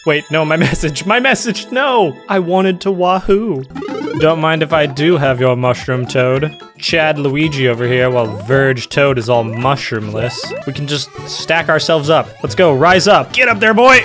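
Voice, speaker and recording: A young man giving joking let's-play commentary, bantering and yelling at his teammates during a co-op platform game. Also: on the high side, a little slow. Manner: jokey, exaggerated, yells at teammates. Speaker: gaming YouTuber. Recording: game music loud behind.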